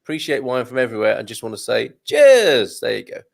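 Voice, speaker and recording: A man's voice: medium pitch, sing-song, quick pace, vocal fry. A man hosting a casual live stream, chatting and joking as he reads out viewer comments. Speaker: host.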